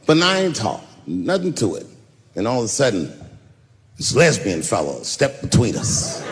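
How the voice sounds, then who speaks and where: Profane stand-up comic, lively pitch, loud crowd. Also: male voice, measured pace, pauses often, in a large hall, heavy background noise. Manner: profane storytelling, acting out other people's lines in shouts. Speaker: stand-up comedian. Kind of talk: stand-up comedy set. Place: live comedy venue with a laughing audience. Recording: live crowd and loud ambience.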